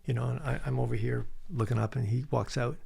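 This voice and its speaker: A man's voice: mid-range voice, steady tone, fast, creaky, a little mellow, breathy edge. A man telling casual anecdotes as a podcast guest, acting out quotes as he goes. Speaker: podcast guest, commercial director. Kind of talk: casual storytelling.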